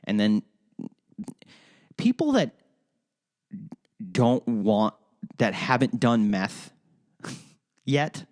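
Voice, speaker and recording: Casting note: male podcast host, lively pitch, swearing rants, trips over words. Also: extremely slow, long pauses. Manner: animated, profane, rambling ranting with frequent restarts. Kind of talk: solo podcast rant.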